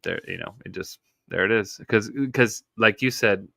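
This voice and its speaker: A man's voice: fairly low pitch, normal speed, vocal fry, bright, forceful tone, no echo, clean studio sound. A man co-hosting a podcast, talking in a laid-back, hesitant casual way. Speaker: podcast co-host. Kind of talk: casual chat.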